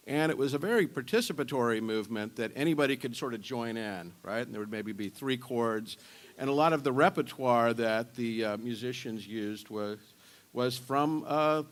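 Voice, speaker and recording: A man speaking at a university symposium, explaining music history in a relaxed, conversational way. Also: medium pitch. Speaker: symposium lecturer.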